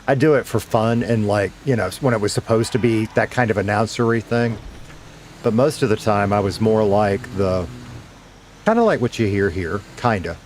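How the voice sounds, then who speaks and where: A man's voice: fairly low pitch, expressive, moderate pace, slight background noise. A middle-aged man, a former radio DJ, casually chatting with viewers while streaming a game, laid-back and swearing now and then.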